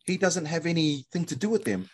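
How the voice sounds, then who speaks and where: A man from New Zealand with a New Zealand accent, a podcast guest telling a long story in a casual, animated way, full of fillers, restarts and "bro". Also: a little high, fairly quick.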